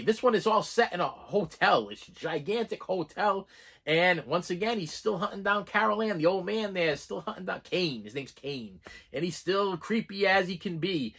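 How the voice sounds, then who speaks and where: A man giving casual movie reviews in an excitable, rambling way, full of restarts and fillers. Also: a little high, breathy edge.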